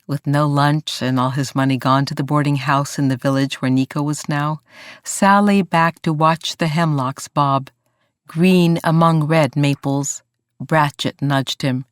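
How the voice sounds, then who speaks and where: An audiobook narrator reading a historical story in an even, measured way. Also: medium pitch, clear, resonant tone, no echo, studio quality. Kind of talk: scripted narration.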